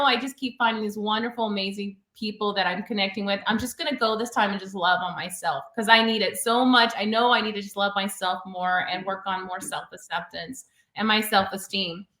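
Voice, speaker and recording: A woman's voice: medium pitch, steady tone, brisk, few pauses, sharp tone, reverberant. A woman guest in a casual interview, telling personal stories in a chatty way and laughing often.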